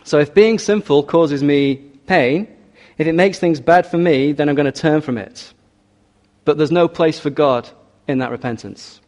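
A man preaches a sermon in a fairly high voice. He is earnest and measured, and he often turns to his listeners with rhetorical questions. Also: a little mellow.

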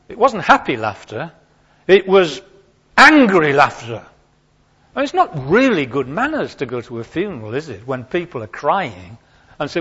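A man gives a Sunday children's talk in church, speaking into a handheld microphone. His husky voice sits a little high and swoops with lively expression. The recording sounds dull and lo-fi. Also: moderate pace. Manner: animated storyteller who acts out voices and questions the listeners. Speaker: preacher. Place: church during a Sunday service.

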